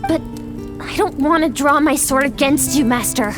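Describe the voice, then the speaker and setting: A woman voicing a soft, reluctant young apprentice. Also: sits high, normal speed, natural voice. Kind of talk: game cutscene voice acting. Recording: game audio over music. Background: music.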